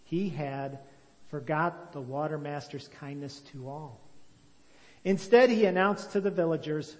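The long echo of a large hall trails this man's voice, which sits a bit high. He tells a moral tale in a measured, expressive manner and then unpacks it as a religious teacher.

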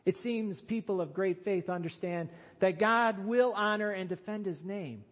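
A man preaching a sermon to his church, slow and emphatic, rising to loud calls on key lines. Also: sits high. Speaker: pastor.

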